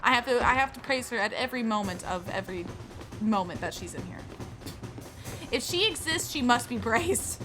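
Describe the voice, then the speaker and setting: Bubbly woman streamer with lively pitch. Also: normal speed. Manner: chatty, easily distracted, bursts into high baby talk to her cat. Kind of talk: casual live-stream gameplay chat. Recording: with game music behind.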